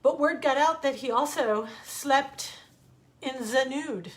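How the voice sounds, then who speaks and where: A high-pitched woman speaks slowly as she tells stories at home in a chatty, informal way. She's a middle-aged American author reading online, voicing the characters she quotes.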